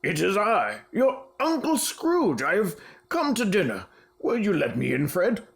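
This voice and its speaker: A man voicing an old male miser turned joyful and generous, hearty and exclaiming warmly. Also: high voice, wildly swooping pitch, measured pace, gravelly, pitched above the performer's own voice, full character voice. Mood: cheerful.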